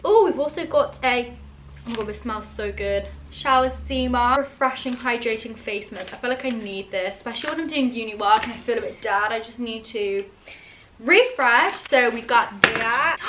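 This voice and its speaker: A woman's voice: a little high, fairly bright tone, slight background noise. A young woman vlogging at home while unboxing, gushing and filling her talk with "like" and "oh my god.". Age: young adult. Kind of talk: casual unboxing vlog. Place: at home indoors. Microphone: handheld camera.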